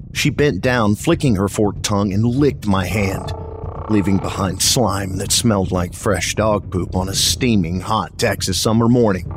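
A man reading a first-person horror story aloud in a slow, measured storytelling manner. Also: on the low side. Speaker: audiobook narrator.

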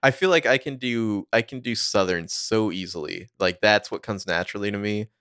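A man's voice: on the low side, normal speed, fairly bright tone, no echo, clean studio sound. A man co-hosting a podcast in laid-back casual chat. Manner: laid-back, laughing along. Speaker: podcast co-host.

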